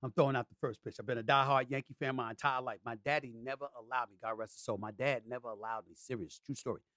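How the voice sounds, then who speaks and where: A middle-aged man hosting a sports talk show, talking emphatically and repeating himself, with sudden loud, excited outbursts. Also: mid-range voice, quick pace, no echo, studio quality. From New York City. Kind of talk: casual monologue.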